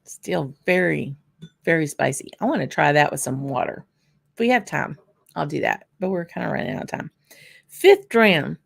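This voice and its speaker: Gravelly woman. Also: low-pitched, sing-song, moderate pace. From Louisiana. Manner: chatty, answers viewers by name while tasting. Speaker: whisky channel host. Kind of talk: casual livestream chat.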